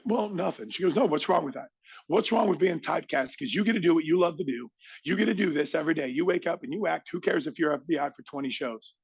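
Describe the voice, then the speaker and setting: A middle-aged man speaks as a podcast guest with a raspy, gravelly, slightly high voice. He tells his story with motivational drive and acts out the people in it. The recording is dull and lo-fi, in a dry room. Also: no room sound. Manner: animated, acts out others' lines in quotes.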